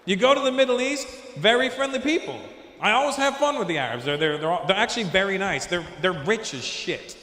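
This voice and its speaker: In an echoey hall full of an audible live crowd, a man performs a stand-up set on a handheld mic, bantering and acting out voices. His high-pitched delivery is animated and brisk with hardly any pauses, sounding pushed and bright.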